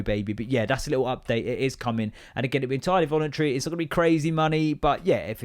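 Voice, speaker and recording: A man with an English accent hosting a casual podcast monologue, rambling, sweary and self-deprecating. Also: medium pitch. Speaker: podcast host.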